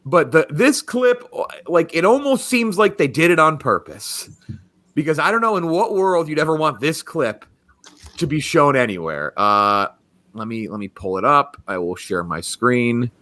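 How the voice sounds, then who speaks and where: Brief: lively male podcast host, bright forceful voice, casual movie chat. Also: fairly high pitch, moderate pace. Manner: animated, restarts and laughs.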